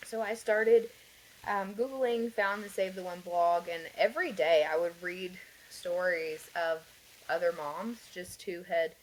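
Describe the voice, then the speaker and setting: Earnest low-voiced woman telling her story. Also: steady tone, a little slow, a little hiss or hum, poor audio. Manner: earnest, rambling with many fillers and frequent light laughs. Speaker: podcast guest. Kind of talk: conversational interview, personal story.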